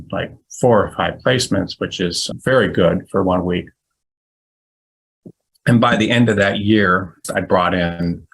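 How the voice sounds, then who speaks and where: A man's voice: sits low, vocal fry, a bit bright, slightly rough, rough recording. A middle-aged man giving a casual webinar talk, telling stories with many restarts. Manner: rambling storytelling with frequent restarts. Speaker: legal recruiter giving a webinar.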